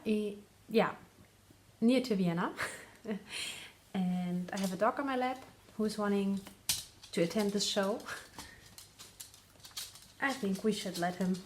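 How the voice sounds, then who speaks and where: A young woman talks in English with a German accent, easygoing and chatty. She laughs often and stops to correct her own words as she goes, as a host speaking from home. Her voice sits at an ordinary middle pitch. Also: slow pace, pauses often, slight background noise. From northern Germany. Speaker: podcast host. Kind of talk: casual chat. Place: home in Lower Austria.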